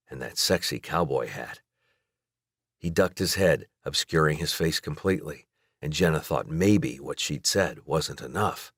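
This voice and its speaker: A man reading a romance novel aloud as audiobook narrator in a steady, measured way. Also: extremely low pitch, breathy edge, dry recording, studio quality. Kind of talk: scripted narration.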